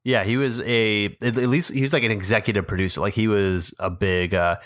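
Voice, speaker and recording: A man with a low, bright, forceful voice talks movies in a casual chat. He is blunt and opinionated, and often trails off to rephrase his point mid-sentence. He sounds like a podcast co-host speaking his mind. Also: steady tone, fairly quick. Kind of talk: casual film discussion.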